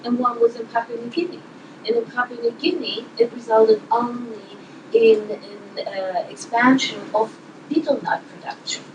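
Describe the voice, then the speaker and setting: A woman speaking on a panel in a thoughtful, measured way, pausing with fillers and restarting her sentences. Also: on the high side, lo-fi sound. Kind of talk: panel discussion remarks. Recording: distant mic with clear noise.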